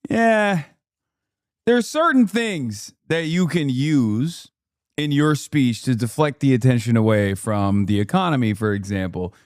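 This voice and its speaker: A man from the United States hosts a livestream, reacting to the news with an offhand, sarcastic edge. His voice is smooth and clean, recorded close and dry with no room sound. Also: mid-range voice, lively intonation, unhurried, no echo. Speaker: livestream host and political commentator. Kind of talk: casual livestream commentary.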